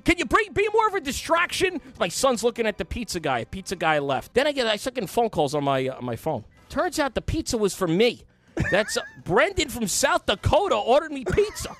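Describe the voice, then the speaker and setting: Excitable high-voiced radio host. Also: male voice, fairly quick. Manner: excitable storyteller, laughs at his own stories, shouts at the peaks. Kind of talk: animated storytelling on a radio show. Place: radio studio.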